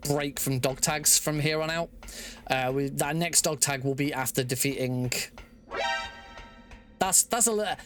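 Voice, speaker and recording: A young man talking through his own game speedrun live, chatty and quick to laugh, thinking aloud as he plays. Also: a little high, fairly bright tone. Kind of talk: live gameplay commentary.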